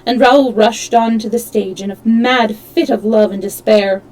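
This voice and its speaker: A woman reading a classic novel aloud on a livestream, expressive, now and then stumbling and correcting herself. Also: fairly high pitch, measured pace, low-quality recording. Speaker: storyteller.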